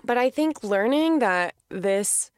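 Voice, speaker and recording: A woman's voice: on the high side, lively intonation, takes it slowly, a little mellow, smooth, dry recording, clean studio sound. A young adult woman telling a personal story in a frank, casual way, swearing freely and laughing often.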